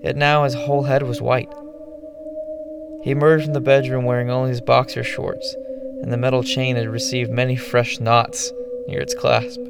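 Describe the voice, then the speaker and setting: A man's voice: medium pitch, flat delivery, moderate pace, vocal fry. Man narrating a horror story over music.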